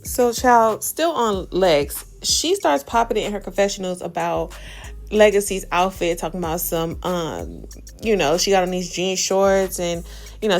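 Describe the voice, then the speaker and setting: A woman recaps reality TV drama in a sassy, gossipy, slang-heavy way. Her voice has a gravelly, fried edge. Quiet music plays underneath. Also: lowish voice. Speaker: reality TV commentary host. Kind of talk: casual recap commentary.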